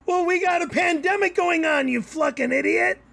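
Very high-pitched, gravelly, abrasive man. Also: normal speed, sharp tone. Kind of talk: profane ranting.

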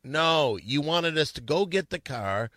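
A man's voice: fairly high pitch, animated, a little slow, fairly bright tone, no echo. A male podcast host in casual comedic banter, teasing and needling his guests.

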